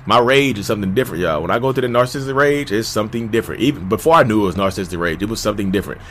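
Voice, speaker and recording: A man's voice: rapid-fire, slight background noise. A man in his thirties hosting a podcast, telling his own story in a candid, conversational way and calling his listeners "y'all". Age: 30s. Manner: jumps to shouting pitch when reenacting arguments. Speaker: podcast host. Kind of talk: personal storytelling monologue.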